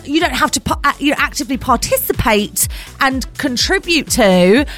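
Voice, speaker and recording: A woman's voice: high-pitched, brisk, faint music behind. A woman co-hosting a radio show in casual, emphatic chat, repeating herself as she rants. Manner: animated, ranting, emphatic repetitions. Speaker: radio co-host.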